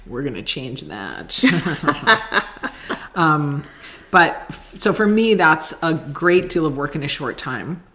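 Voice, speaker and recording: Chatty woman with a low voice. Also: very animated, takes it slowly, pushed and bright. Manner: chatty, repeats words while talking, laughs often. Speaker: podcast co-host and author. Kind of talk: casual chat.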